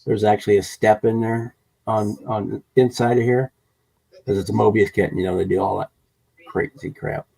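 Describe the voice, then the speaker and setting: A man's voice: on the low side, steady tone, moderate pace, vocal fry, dark tone, slightly rough, no echo, rough recording. A man explaining his scale model gluing technique step by step in a casual way.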